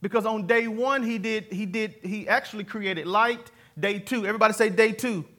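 A man's voice: sits high, normal speed, fairly bright tone. A pastor preaching a sermon to his congregation, mixing jokes and scripture readings and having the crowd repeat key words back to him. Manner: call-and-response with the congregation; conversational, jokey preaching. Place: church before a live congregation.

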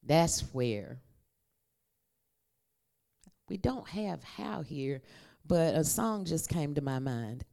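Animated woman preaching to a congregation. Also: deep voice, slow, vocal fry, long pauses. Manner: lively, conversational, leads the congregation to repeat after her. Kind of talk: sermon with call and response.

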